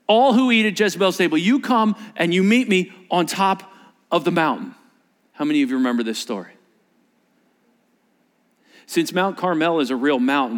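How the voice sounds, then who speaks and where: A male pastor preaching a sermon to a large live congregation, telling a story with animated energy and acting out its scenes. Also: high-pitched, long reverb tail.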